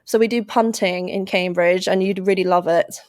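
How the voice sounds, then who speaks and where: A young woman from England with an English accent, chatting lively and playfully as a podcast guest. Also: lowish voice, normal speed, no echo, clean studio sound. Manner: lively, playful, puts on silly voices. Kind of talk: casual interview chat.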